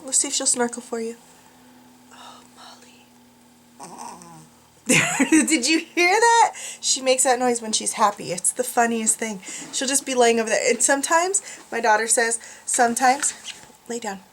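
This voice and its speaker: A middle-aged woman talking casually to her viewers, chatty and rambling with a self-mocking streak. Her voice sits a little high for a woman. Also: normal speed, slight background noise. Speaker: craft vlogger. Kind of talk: casual chat.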